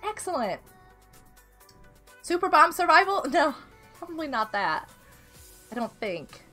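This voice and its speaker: A woman streamer chats her way through a game, giggling often and calling out viewers by name. Her voice sits high and bright. Faint music plays under her. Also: very animated, moderate pace. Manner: chatty, giggly, greets chat by name. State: unwell. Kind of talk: live game stream chat.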